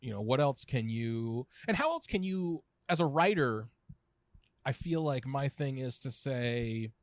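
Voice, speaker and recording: A man in his thirties, a food writer and podcast guest, talking casually with lots of restarts, fillers and quick laughs. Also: medium pitch, animated, dry recording. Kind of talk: casual conversational chat.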